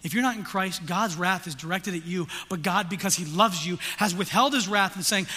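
A male pastor preaching an intense sermon, swinging from hushed whispers to loud, urgent passages. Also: high-pitched, fairly quick, hardly any pauses. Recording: long hall reverb.

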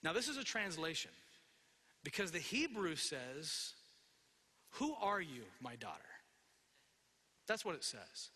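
A man's voice: fairly high pitch, big pitch swings, a little slow, pauses often, bright, forceful tone, husky. A man preaching a sermon, explaining scripture verse by verse with asides and quoted lines. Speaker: pastor. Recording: long hall reverb.

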